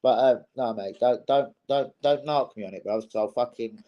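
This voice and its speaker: A man's voice: medium pitch, moderate pace, lo-fi sound. A young man hosting a casual live stream, swearing freely and calling his viewers "bros".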